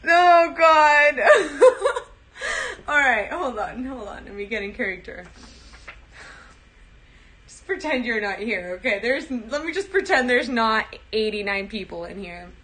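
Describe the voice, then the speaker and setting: A woman's voice: fairly high pitch, lively intonation, moderate pace, pushed and bright, husky, rough recording. A young woman chatting casually on a livestream, giggly and self-conscious as she practices a character. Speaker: livestream host.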